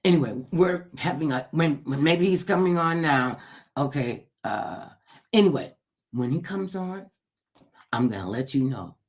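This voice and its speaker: A woman's voice: low voice, lively intonation, unhurried, darkish tone. A woman host giving an impassioned livestream monologue, preachy, firing rhetorical questions at her listeners and repeating phrases for emphasis.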